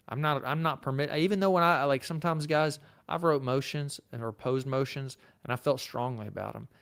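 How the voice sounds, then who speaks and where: A man's voice: mid-range voice, vocal fry, clean tone. A man with a Southern US accent, a lawyer hosting a livestream, who answers viewer questions in a casual, chatty way and thinks aloud. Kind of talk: live Q&A, reading viewer comments.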